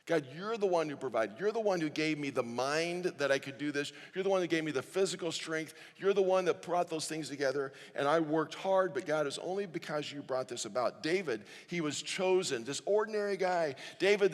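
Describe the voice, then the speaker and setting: A man preaching in a church, his slightly raised voice earnest and pleading. He sinks into a hush when he voices prayers to God. The sound rings with the long reverb of a large sanctuary. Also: fairly high pitch. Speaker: pastor. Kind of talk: sermon.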